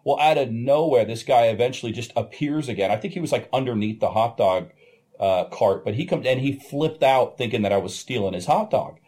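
A man casually telling an animated, profane anecdote in a podcast-style chat. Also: mid-range voice, fairly quick, breathy edge.

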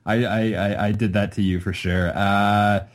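A man's voice: lowish voice, fairly even intonation, a little slow. A young man co-hosting a podcast, listing pet peeves in a sardonic, swearing casual rant full of fillers. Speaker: podcast co-host. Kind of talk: casual ranting podcast chat.

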